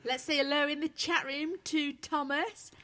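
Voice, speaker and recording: A woman's voice: high voice, fairly even intonation, normal speed, bright, forceful tone. A British woman co-hosting a casual radio show, teasing her co-host in a cheeky way. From Britain.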